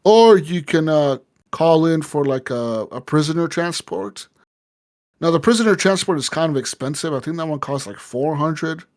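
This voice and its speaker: A man's voice: fairly high pitch, normal speed, darkish tone. A man hosting a casual gaming podcast, rambling through a story with lots of filler words and swearing. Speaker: podcast host.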